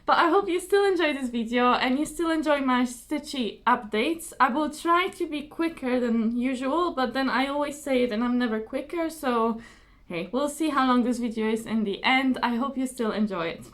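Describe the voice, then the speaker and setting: A young woman hosting her own crafting video, chatting casually and apologetically to camera, slightly hoarse, with many fillers and repeated words. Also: high-pitched, moderate pace, fairly bright tone.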